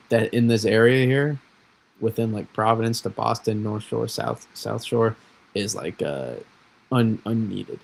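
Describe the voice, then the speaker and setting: A man's voice: on the low side, vocal fry, darkish tone, breathy edge, poor audio. A man from New England hosting a weather livestream, rambling and self-correcting in casual chat.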